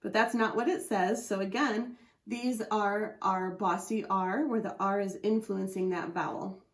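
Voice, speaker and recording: A woman's voice: mid-range voice, fairly even intonation. Patient woman teaching phonics, echoey room. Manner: patient, slowly sounds out letters and syllables. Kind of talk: phonics lesson explaining a chart.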